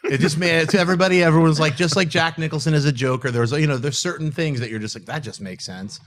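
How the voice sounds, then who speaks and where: Animated jokey male co-host. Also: a little high, rapid-fire. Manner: animated, jokey, breaks into goofy put-on voices. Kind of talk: casual panel chat.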